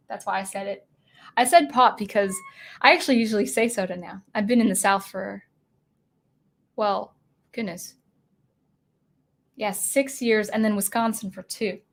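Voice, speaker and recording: Young woman streamer from Washington, casual and rambling, mid-pitched voice. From Washington state. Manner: rambling, chatty, full of fillers and restarts. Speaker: livestream host. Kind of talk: casual livestream chat.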